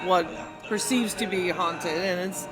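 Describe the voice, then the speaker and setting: A woman's voice: lowish voice, unhurried, over loud music. A woman hosting an interview, asking playful questions and joking with her guest. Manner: playful, laughing, upbeat questions. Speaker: interview host. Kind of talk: casual interview chat.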